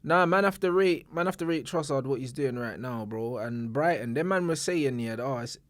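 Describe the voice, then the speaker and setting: A young man, chatting laid-back about football in slang, often trailing off into low mutters. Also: moderate pace, no room sound. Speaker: podcast co-host. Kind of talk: casual football banter.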